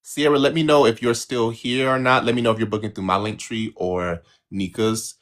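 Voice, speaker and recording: A man's voice: medium pitch, steady tone, normal speed, fairly bright tone. A man co-hosting a live spiritual reading stream, talking in an agreeable, reflective way that rambles with restarts. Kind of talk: casual live-stream chat.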